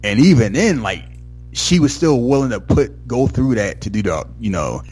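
A man's voice: mid-range voice, big pitch swings, moderate pace, darkish tone, slightly rough, faint music behind. A man chatting casually about a film he saw, rambling with lots of "like" and "you know", sometimes acting out the lines. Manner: enthusiastic, acts out movie lines. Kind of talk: casual movie discussion.

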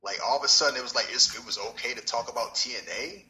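A man co-hosting a casual wrestling podcast chat, talking in an animated, rambling, slangy way. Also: mid-range voice, quick pace, poor audio.

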